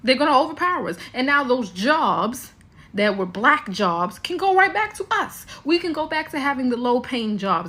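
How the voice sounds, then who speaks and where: A woman's voice: sits high, lively intonation, brisk, pushed and bright. A woman giving impassioned commentary, lecturing her listeners directly and emphatically.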